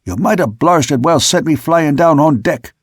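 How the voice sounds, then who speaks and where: A hot-tempered sailor bellows from the rigging, quick to curse and quick to blame, as a male narrator puts him on. The voice is gravelly and husky, pushed high and loud. The sound is close and dry, with no room around it. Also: dry recording. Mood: angry. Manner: shouting, swearing.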